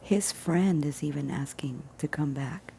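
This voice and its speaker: Low, gravelly woman telling a story. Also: unhurried, slight background noise. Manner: earnest, emphatic, often drops to a hushed near-whisper. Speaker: vlogger. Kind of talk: casual vlog storytelling.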